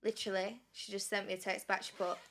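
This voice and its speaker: A woman's voice: mid-range voice, quick pace. A young woman with a Yorkshire accent, a singer telling stories as a guest in a casual sit-down interview and acting out the dialogue. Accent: Yorkshire English. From Sheffield, England. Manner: animated, acts out quoted dialogue. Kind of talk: casual storytelling.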